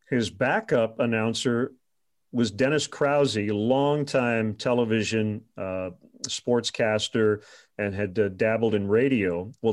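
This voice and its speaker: A middle-aged man, a radio sportscaster, telling animated anecdotes in casual conversation, with laughing asides and filler pauses. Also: fairly low pitch. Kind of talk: casual storytelling.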